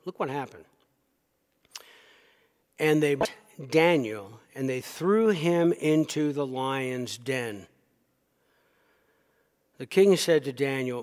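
A man's voice: medium pitch, slow pace, long pauses, a little mellow, long reverb tail. A man preaching a sermon, retelling a scripture story with emphatic asides to his listeners. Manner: emphatic storytelling, talks directly to the congregation.

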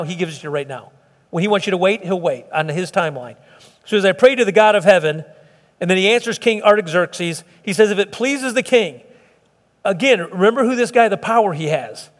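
A man's voice: high-pitched, lively intonation, fast talker, big-room sound. A middle-aged man preaching a sermon as pastor, in an earnest, folksy, conversational way with frequent restarts.

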